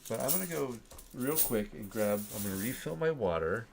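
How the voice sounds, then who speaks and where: A Florida man with a New York accent hosts a coin-collecting channel, talking casually to viewers and to himself as he sorts coins, trailing off mid-sentence. His medium-pitched, gravelly voice is animated and fairly quick, with a little hiss or hum. Loud clinking coins and nearby keyboard typing fill the background.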